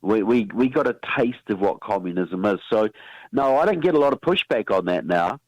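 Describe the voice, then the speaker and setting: A man's voice: on the low side, animated, moderate pace, no echo, low-quality recording. A man with a New Zealand accent, speaking as a guest expert in a radio interview, making his points emphatically and often repeating words as he builds up to them.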